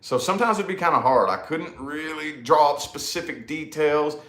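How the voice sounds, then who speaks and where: A man telling a personal story in loose, casual talk, with a relaxed drawl and frequent swearing. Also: on the high side, moderate pace. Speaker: podcast co-host. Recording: echoey room.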